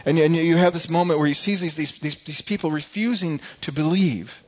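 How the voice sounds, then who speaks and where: A man's voice: fairly high pitch, a little fast. A male pastor preaching a sermon in an earnest way, often repeating words as he searches for the next one. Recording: dull lo-fi recording.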